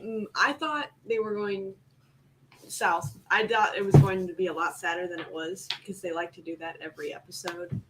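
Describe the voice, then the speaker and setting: A woman on a casual podcast, calmly sharing her thoughtful opinion. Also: on the low side, normal speed, heavy background noise. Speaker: podcast co-host. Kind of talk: casual chat.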